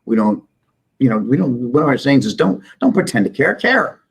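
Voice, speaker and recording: A Midwestern business owner tells stories during a casual interview, candid, joking and emphatic. His medium-pitched voice is expressive and slightly rough, delivered at a moderate pace on a rough recording.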